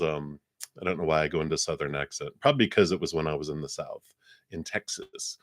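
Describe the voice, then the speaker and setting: A man's voice: rumbling low, quick pace, no room sound, studio quality. A middle-aged man hosting a live tarot card reading, chatting casually with viewers and thanking donors. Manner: relaxed and chatty, thanks donors, many fillers.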